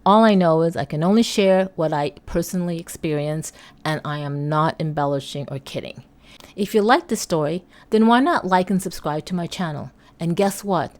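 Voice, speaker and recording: A woman's voice: lowish voice, normal speed. A woman vlogger telling a personal story in a casual, chatty way, acting out each exchange as she retells it. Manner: animated storyteller who acts out each exchange in her retelling.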